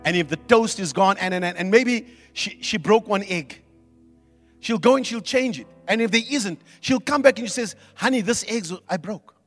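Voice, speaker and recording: A man preaching a sermon, swinging from quiet asides to loud, emphatic preaching. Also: sits high, moderate pace, long reverb tail, faint music behind. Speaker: pastor.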